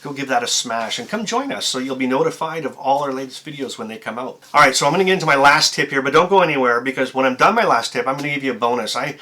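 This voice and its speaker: A man's voice: mid-range voice, animated, fast talker, few pauses, pushed and bright. A man giving advice straight to camera as a YouTuber and motivational speaker, talking in an amped-up, emphatic, conversational way. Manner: conversational, with filler words and restarts. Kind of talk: to-camera tips video.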